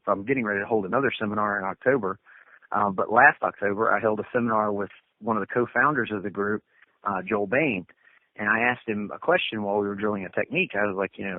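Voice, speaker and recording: Low-voiced man on a tinny phone line. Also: no echo. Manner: earnest, rambling with frequent ums. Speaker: catch wrestling coach and guest. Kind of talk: conversational interview answers.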